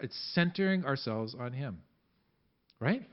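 A man gives a relaxed, conversational sermon to his church, restarting his sentences as he goes. His voice sits a little high for a man. The recording is muffled and lo-fi, as if taped in the sanctuary. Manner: conversational, halting with many restarts. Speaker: pastor.

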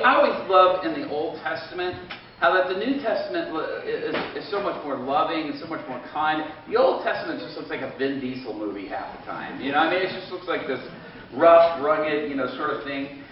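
A man preaching a sermon as a pastor, telling a story in an animated, rambling way with many restarts. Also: fairly high pitch, a little fast, a little hiss or hum. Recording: echoey room, distant mic, dull sound.

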